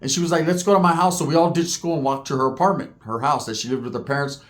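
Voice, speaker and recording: A man's voice: fairly high pitch, steady tone, quick pace. A man in his forties from California, telling street stories in a casual, profane way with heavy slang. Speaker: storyteller host.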